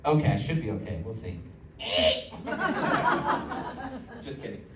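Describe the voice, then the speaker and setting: A man's voice: fairly low pitch, expressive, unhurried, very noisy. Man doing stand-up, roomy and distant. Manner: chatty storytelling with filler words. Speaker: stand-up comedian and pastor. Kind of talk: stand-up comedy set. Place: comedy venue with live audience. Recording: roomy live audience recording from afar.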